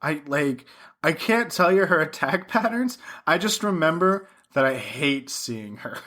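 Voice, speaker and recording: A man's voice: fairly high pitch, lively intonation, unhurried, bright, forceful tone. A young man co-hosting a podcast, chatting casually, swearing freely and laughing often as he acts out lines. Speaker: podcast co-host. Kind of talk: casual chat.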